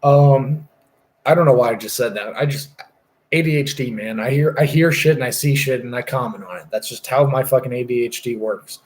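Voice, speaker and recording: A young man talks to his live chat in a rambling, easily sidetracked way, peppering it with swearing. His voice sits at an ordinary middle pitch. The sound has a noticeable roomy echo. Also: brisk. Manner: rambling, profane, easily distracted. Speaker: livestreamer. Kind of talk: casual livestream chat.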